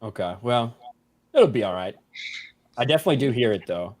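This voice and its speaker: A man's voice: mid-range voice, expressive, fairly quick, a little mellow. A man hosting a casual live stream. He swears freely and jokes around as he introduces each guest. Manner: loose, profane, joking introductions. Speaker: host. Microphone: headset.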